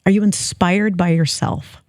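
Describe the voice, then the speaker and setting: A woman hosting a podcast, speaking to her guest in a heartfelt, deliberate way. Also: fairly low pitch, fairly even intonation, darkish tone, no echo, studio quality. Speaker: podcast host. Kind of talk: interview conversation.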